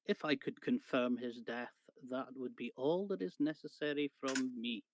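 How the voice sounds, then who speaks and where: A man's voice: mid-range voice, normal speed, a little hiss or hum. A man with a British accent playing his character in a tabletop game, chatting casually in character. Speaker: player.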